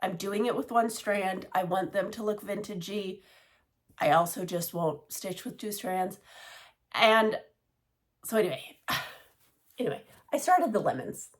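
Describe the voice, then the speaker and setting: A woman's voice: mid-range voice, animated, unhurried, pauses often. A woman casually chatting about her cross-stitch projects, rambling with many fillers and side remarks. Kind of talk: casual show-and-tell chat.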